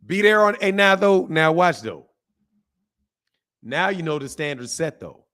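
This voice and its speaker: A man's voice: a little high, very animated, unhurried, fairly bright tone. A retired man from Omaha hosting a casual boxing livestream, talking loosely with lots of slang, laughing and answering chat. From Omaha, United States. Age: older.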